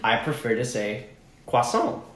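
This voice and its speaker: A young man hosting a casual group podcast, telling a story with animated delivery and acting out the voices of people in it. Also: a little high, normal speed. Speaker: podcast host. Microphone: phone mic. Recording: echoey room, phone mic, faint hiss.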